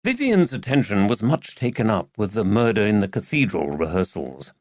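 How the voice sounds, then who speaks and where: Male narrator, low voice, expressive, dull dry lo-fi sound. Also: normal speed, no echo. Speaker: audiobook narrator. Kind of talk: scripted narration.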